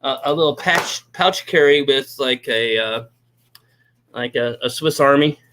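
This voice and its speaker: A man's voice: mid-range voice, measured pace, background noise. A man chatting casually as a guest on a live stream, stumbling over his words and laughing easily. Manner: stammering restarts, laughs easily.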